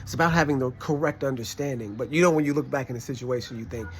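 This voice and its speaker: A fast-talking man of medium pitch, with a little hiss or hum on the recording, tells a casual story about a classroom experience. He's animated and emphatic and keeps acting out people's words.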